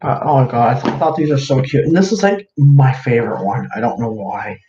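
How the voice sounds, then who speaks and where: A man's voice: mid-range voice, sing-song, brisk, mellow. Guy rambling to his stream viewers, lots of ums and likes, roomy echo, kinda muffled. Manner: chatty, rambling, many fillers. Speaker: live-streaming craft seller. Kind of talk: casual livestream chat with viewers. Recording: roomy, dull lo-fi, faint hiss.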